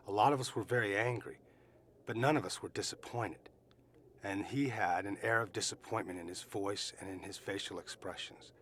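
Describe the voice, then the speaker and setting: A man's voice: fairly low pitch, a bit bright, a little hiss or hum. Earnest middle-aged man recounting events. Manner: earnest, emphatic storytelling with pauses and restarts. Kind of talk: recorded eyewitness testimony.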